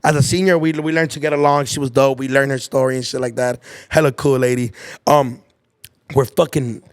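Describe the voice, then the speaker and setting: A man's voice: medium pitch, brisk. A young man hosting a podcast, telling school stories in casual slang, acting out the people he quotes. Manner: animated storyteller acting out quotes, heavy slang and swearing. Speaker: podcast host. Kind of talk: casual storytelling chat.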